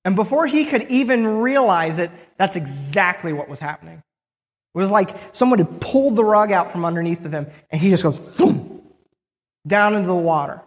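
A preacher retelling a Bible story in the first person, with frequent restarts and pauses. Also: mid-range voice, animated, in a large hall.

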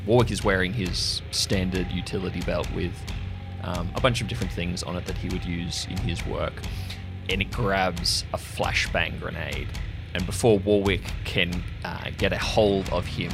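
A man narrating a tabletop game as game master, telling the action in a vivid, lively way. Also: sits low, vocal fry. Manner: vivid, lively storytelling with fillers.

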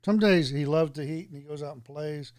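A man's voice: on the high side, fairly quick, darkish tone, dry recording, studio quality. A man talking in an easygoing way, full of fillers, in casual chat. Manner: easygoing, filler-heavy talk.

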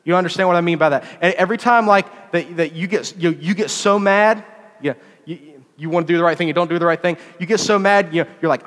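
A man giving a sermon in a lively, conversational way, often repeating phrases for emphasis. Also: high-pitched, fast, big-room sound. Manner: animated, conversational preaching with repetitions.

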